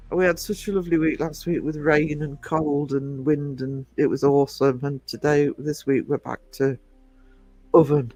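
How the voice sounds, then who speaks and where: A man with a somewhat high-pitched voice chats loosely through a livestream, restarting sentences and greeting viewers along the way. His talk wanders from one thought to the next in an easy, conversational way. Faint music plays in the background. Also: normal speed, dry recording. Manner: rambling, chatty, self-interrupting. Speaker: livestream host.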